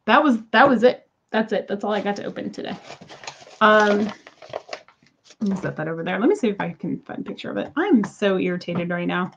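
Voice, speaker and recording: A woman's voice: medium pitch, brisk, creaky, pauses often, a bit bright, lo-fi sound, a little hiss or hum. A woman in her thirties chatting casually to viewers while unboxing crystals, exasperated and talkative. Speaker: crystal seller.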